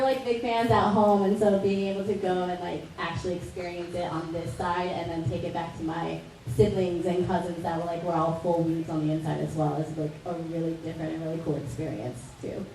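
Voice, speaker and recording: Low, mellow woman in an echoey hall. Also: brisk, few pauses, recorded from a distance, slight background noise. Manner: upbeat, lots of "like" fillers. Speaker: panelist voice actor. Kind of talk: convention panel talk. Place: large convention hall, far from mic.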